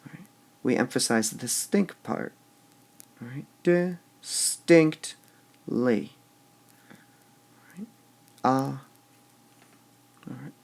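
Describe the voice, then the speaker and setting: Slow, gravelly-voiced male teacher. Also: mid-range voice, lively intonation. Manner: slow, stops to repeat words with shifting stress; says "all right" often between steps. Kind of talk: recorded lesson explaining poetic meter.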